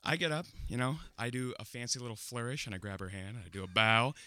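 A man's voice: medium pitch, fast. Laughing man telling a comic story. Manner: animated, laughing often, builds comic tension. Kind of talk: personal storytelling to an audience.

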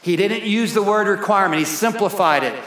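A middle-aged pastor preaching a sermon in a church, slow and emphatic, repeating his key phrases. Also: high voice, a bit bright. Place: church sanctuary. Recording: echoey hall reverb.

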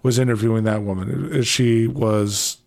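Excitable rambling male radio host. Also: lowish voice, measured pace, creaky. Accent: Canadian English. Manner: rambling, excitable storyteller with many restarts and fillers. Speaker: departing radio show host. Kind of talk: casual radio interview. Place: radio studio.

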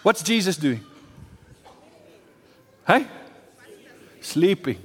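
High-voiced man preaching in a reverberant hall. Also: sing-song, very slow, slightly rough. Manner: preaching with emphatic repetition and rising bursts. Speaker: pastor. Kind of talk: sermon.

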